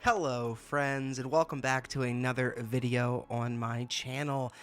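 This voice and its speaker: This booktuber host is a young man with a mid-range voice, a steady tone and a slightly slow pace. Running his casual review channel, he's exasperated yet laughing, and he often stammers and repeats himself.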